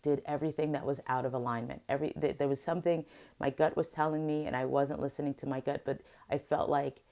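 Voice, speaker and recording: A woman's voice: a bass voice, fairly even intonation, quick pace, creaky, dark tone. A middle-aged woman telling an upsetting story in a confessional vlog, emotional and full of restarts. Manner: emotional, venting, with many restarts. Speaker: vlogger and therapist.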